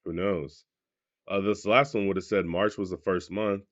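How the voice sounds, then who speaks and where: A man's voice: sits low, fairly even intonation, moderate pace. A man hosting a reaction video, commenting casually and throwing questions at his viewers. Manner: loose, questioning, speaks to viewers. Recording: dull muffled recording.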